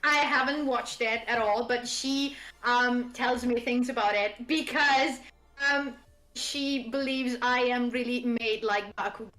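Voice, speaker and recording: A woman with a high, bright voice talks in a casual lore chat, playful and quick to laugh. She keeps slipping into teasing impressions of characters. The sound is roomy, with faint music underneath. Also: fairly even intonation. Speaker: streamer host.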